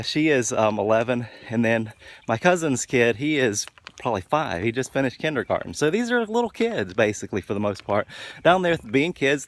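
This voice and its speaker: A man telling a story casually to the camera, with many fillers and restarts. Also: medium pitch. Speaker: vlogger.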